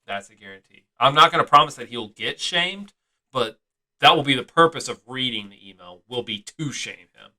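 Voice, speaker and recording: Bright-voiced joking podcast host. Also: male voice, mid-range voice, expressive, normal speed. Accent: slight American Southern twang. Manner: joking, teasing, laughs often. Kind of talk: casual podcast banter.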